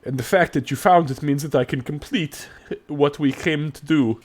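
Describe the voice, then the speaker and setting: A man's voice: a little high, moderate pace, pitched above the performer's own voice, close to an everyday voice. A man voicing a grateful male craftsman in a tabletop game who is choked up and tearful, stumbling over his words. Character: grateful male craftsman NPC, emotional, formal.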